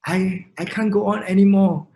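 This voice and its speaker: A man's voice: high-pitched, steady tone, normal speed, warm tone, reverberant. A man with a Vietnamese accent voicing a fat frog that is worn out and keeps complaining that it cannot go on. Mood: defeated. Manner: weary, complaining repetition.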